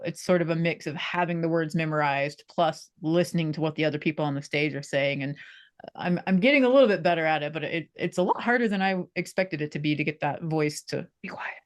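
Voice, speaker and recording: A young woman talking casually in an interview about acting, chatty and self-deprecating, with frequent restarts. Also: low-pitched. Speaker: theater performer being interviewed.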